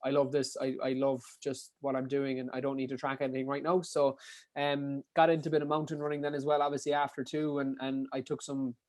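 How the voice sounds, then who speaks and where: Fast-talking Kerry Irishman telling stories. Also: medium pitch, level tone, a little mellow, dry recording. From Dingle, County Kerry, Ireland. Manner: rapid, rambling, frequent restarts and fillers. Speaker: podcast guest, ultra runner. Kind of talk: casual anecdotal storytelling.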